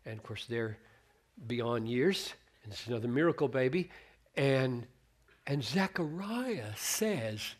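A male preacher works through a Bible passage in an unhurried, deliberate sermon. He speaks earnestly, often restarting a word while he thinks aloud. His voice sits at an ordinary middle pitch. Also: expressive. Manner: earnest, restarts words while thinking, acts out quoted lines.

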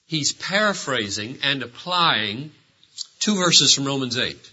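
A man preaching a sermon, emphatic and full of rhetorical questions, with sudden swings between loud and quiet. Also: medium pitch, big pitch swings, husky. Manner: rhetorical questions, drawn-out phrases. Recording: dull lo-fi sermon recording.

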